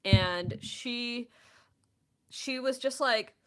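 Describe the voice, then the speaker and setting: A woman in her thirties hosting a casual chat stream, telling stories in an animated, chatty way. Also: on the high side, drawn-out words. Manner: chatty, animated storytelling with laughs.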